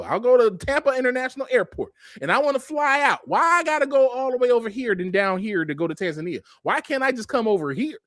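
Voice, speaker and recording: A man's voice: high voice, fairly bright tone, dry recording, clean studio sound. A man giving a heated, blunt online monologue while walking through a map, repeating himself and going off on tangents. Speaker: online commentator.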